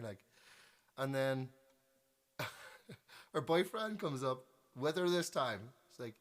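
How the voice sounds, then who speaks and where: A man's voice: on the high side, takes it slowly, long pauses. A young man from Northern Ireland with a Northern Irish accent telling a funny, self-deprecating story to his livestream viewers. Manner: self-deprecating, animated, trails off and restarts. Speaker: musician on livestream. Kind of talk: casual storytelling.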